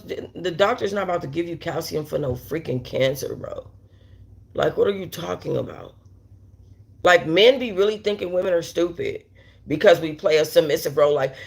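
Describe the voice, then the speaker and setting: A woman's voice: on the low side, vocal fry, husky. Blunt, profane woman telling a story live. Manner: talks straight to viewers with many asides. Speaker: host of a storytime livestream. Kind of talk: casual storytelling while reading live chat.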